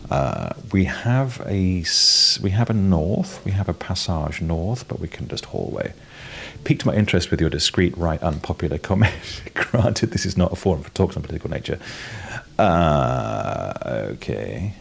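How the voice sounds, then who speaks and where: Coughing and sneezing from a cold, a British man offers casual commentary as he streams a game, playful and wry, with frequent ums and restarts. His deep voice is creaky and expressive, and he never hurries.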